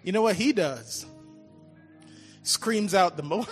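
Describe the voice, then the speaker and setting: A man preaching a sermon, swinging between loud calls and hushed, drawn-out lines. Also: high voice, expressive. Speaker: pastor. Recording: large reverberant hall with faint music.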